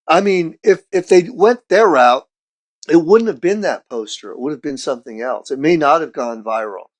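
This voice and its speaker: A middle-aged man, a street artist guest on a podcast, telling stories in a casual, profane, animated way and acting out what people said. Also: a little high. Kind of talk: casual storytelling chat.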